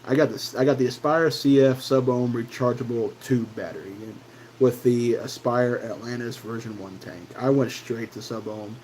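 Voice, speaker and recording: A man's voice: mid-range voice, moderate pace, darkish tone, slight background noise, low-quality recording. A man hosting his own channel, telling a personal story in a loose, casual way, full of fillers and restarts. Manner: rambling, many fillers and restarts. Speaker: channel host.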